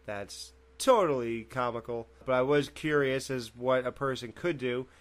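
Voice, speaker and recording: A podcast co-host talks through a sitcom episode in a loose, rambling way. He laughs often, speaks casually to his listeners, and his voice sits at an average male pitch. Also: a little slow.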